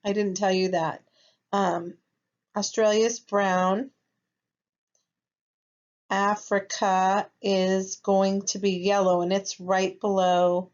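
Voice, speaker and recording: A woman's voice: medium pitch, a little mellow. A woman teaching a first grade lesson, speaking patiently and checking in with her young students. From United States. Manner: patient, slow, checks in with "okay?". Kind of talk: recorded classroom lesson. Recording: slightly dull lo-fi recording.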